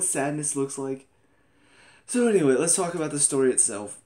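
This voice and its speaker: A man's voice: on the high side, moderate pace. Chatty, laughing young man reviewing TV. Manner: animated, laughs often, exclamatory. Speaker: TV episode reviewer. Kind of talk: casual review vlog.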